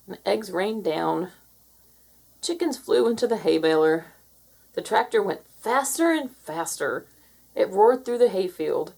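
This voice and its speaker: A woman reading a children's picture book aloud, her voice lively and rising and falling widely. She narrates slowly and clearly, with a fairly high pitch. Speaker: storybook reader.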